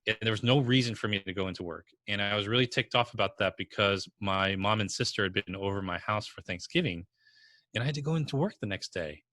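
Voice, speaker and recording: New york-area guy, business coach, low voice, blunt and punchy, talks with strong language. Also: fast, bright, forceful tone, dry recording. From New Jersey or New York. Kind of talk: podcast interview answers.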